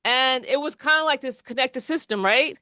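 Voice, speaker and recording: Bright, chatty woman in a dry room. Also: sits high, normal speed, no echo. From New Jersey. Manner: rambling, many restarts and fillers, laughs often. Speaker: podcast co-host. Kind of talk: casual chat.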